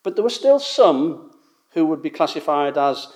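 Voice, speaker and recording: A man preaching an expository sermon, emphatic, swelling and dropping his volume and slowing down on key phrases. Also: on the high side, big pitch swings, darkish tone.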